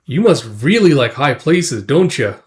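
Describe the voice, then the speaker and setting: A man's voice: on the high side, big pitch swings, a little slow, darkish tone. A man voicing a friendly young male mercenary who chats casually. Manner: chatty and casual.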